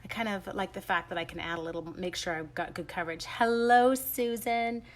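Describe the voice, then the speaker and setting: A woman's voice: fairly low pitch, fairly even intonation, fast talker, a bit bright. Giggly woman chatting through a stamping demo. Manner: giggly, self-teasing, greets viewers by name as she works. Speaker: stamping demonstrator hosting a live stream. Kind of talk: chatty live crafting demo.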